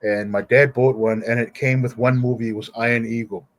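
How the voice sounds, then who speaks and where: A man from Samoa with a Samoan accent, a podcast guest telling stories in a conversation, animated and laughing as he talks. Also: mid-range voice, brisk. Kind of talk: storytelling in a conversational interview.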